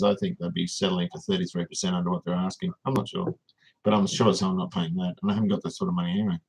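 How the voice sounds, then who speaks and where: A man's voice: deep voice, gravelly, a bit bright, rough recording. An Australian man hosting a casual livestream, rambling and reading viewers' comments aloud as he answers them. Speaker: livestream host.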